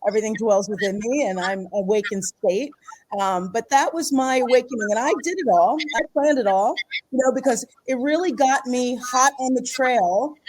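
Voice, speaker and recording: Animated storytelling woman, higher voice. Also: moderate pace, rough recording. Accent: Philadelphia area. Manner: animated, laughs often, acts out quoted voices. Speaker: podcast guest. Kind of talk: casual storytelling.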